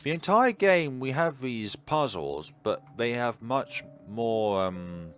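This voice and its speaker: A man's voice: medium pitch, lively intonation, slow pace, fairly bright tone. A man commentating a horror game let's play with chatty, rambling asides. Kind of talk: gameplay commentary.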